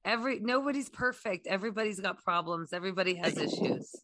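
Female co-host, lively pitch, short encouraging answers, dry close mic. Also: fast, no echo. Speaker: podcast co-host. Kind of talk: casual remote chat.

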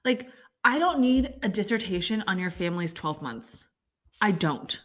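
A woman's voice: mid-range voice, lively intonation, moderate pace. A woman in her thirties rants in a loose, chatty way, full of sarcasm and filler words. She sounds like a host talking casually to regular listeners. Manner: chatty, sarcastic ranting with many likes. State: upset stomach. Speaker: podcast host. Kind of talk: casual chat.

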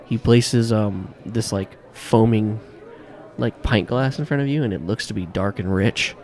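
Man narrating as game master, low voice. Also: darkish tone. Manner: rambling, halting, many fillers. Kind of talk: narrating a tabletop horror game.

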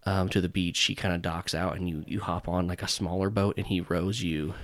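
A man's voice: sits low, fairly even intonation, brisk. A young man narrating as game master in a rambling, casual way with many fillers.

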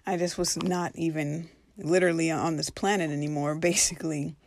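A woman's voice: low voice, steady tone, brisk, gravelly, darkish tone, dry recording. A woman telling a personal spiritual story in an earnest, reflective way, now and then acting out her own past reactions.

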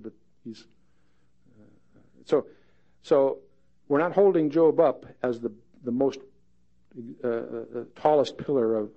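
Folksy male Bible teacher, mellow tone. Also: mid-range voice. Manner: folksy, plain-spoken, with wry asides. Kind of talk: conversational Bible study. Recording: dull lo-fi podcast recording.

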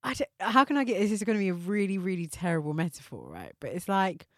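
A woman's voice: mid-range voice, big pitch swings, fast talker, no room sound, clean studio sound. A woman co-hosting a podcast in casual chat, telling stories animatedly and laughing often. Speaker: podcast co-host.

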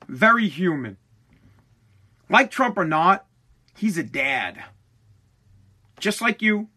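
High, bright-voiced man ranting profanely. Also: husky. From United States. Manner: profane, impassioned, frequent restarts and stammers. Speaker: online commentator. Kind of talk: heated political rant to followers.

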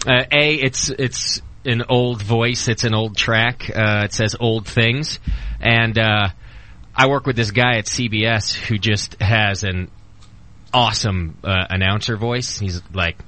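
A man's voice: on the low side, fairly even intonation, slow pace, pushed and bright. A man hosting a casual radio talk show from a studio, loose and joking, with many ums and uhs.

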